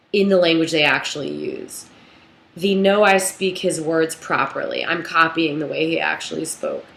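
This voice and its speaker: A young adult woman teaching a literature class, talking it through in an unhurried, thoughtful way with many ums and restarts. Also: sits low, a bit bright. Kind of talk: recorded lecture with a read-aloud passage. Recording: echoey room, faint ambience.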